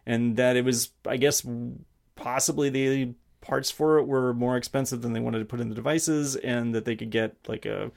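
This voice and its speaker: A man's voice: mid-range voice, steady tone, normal speed, gravelly, darkish tone. A man co-hosting a podcast, chatting casually and hesitantly, with many fillers and trailing sentences. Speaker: podcast co-host. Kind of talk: casual tech chat.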